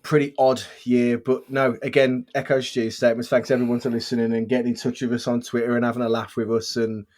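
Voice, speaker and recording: Male co-host, casual film chat, rambling, amused, mid-pitched voice. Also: level tone, fast, few pauses, darkish tone. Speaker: podcast co-host.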